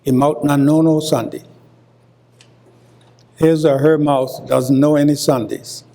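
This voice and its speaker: An older man from Hilton Head Island with a Gullah accent, giving a university lecture deliberately and repeating example words as he explains. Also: medium pitch, dark tone. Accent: Gullah, coastal South Carolina. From Hilton Head Island, South Carolina. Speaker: guest lecturer.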